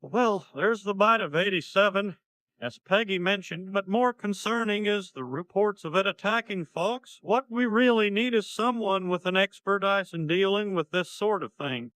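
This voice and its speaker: A plain-spoken middle-aged small-town father from a parody cartoon. He talks blunt and gruff, a bit high and bright. The sound is dry and close. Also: moderate pace, dry recording.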